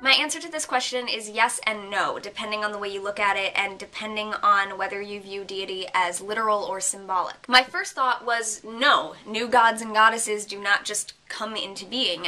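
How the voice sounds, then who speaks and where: A young woman with a bright, sharp voice speaks through the congestion of a head cold. She hosts her own casual vlog and works through her opinion out loud in an earnest way. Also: mid-range voice. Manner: earnest, thinking aloud. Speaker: vlog host.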